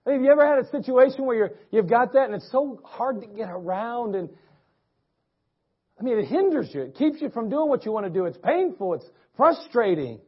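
A man's voice: very high-pitched, very animated, a little fast, slightly rough. A male pastor from preaching a sermon, telling a personal story in a folksy way with frequent restarts. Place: church sanctuary. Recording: dull lo-fi church recording.

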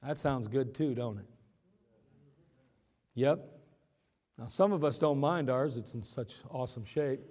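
A man preaching a sermon in a folksy, joking way, slowing down for emphasis. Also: mid-range voice, a little mellow, long reverb tail. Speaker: pastor.

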